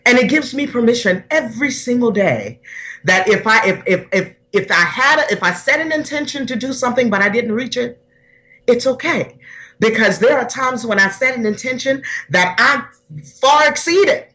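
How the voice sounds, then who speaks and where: Female life coach, podcast guest; sincere, heartfelt, halting restarts. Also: a little high, expressive, fairly bright tone. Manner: earnest, heartfelt, many restarts. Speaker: personal development coach.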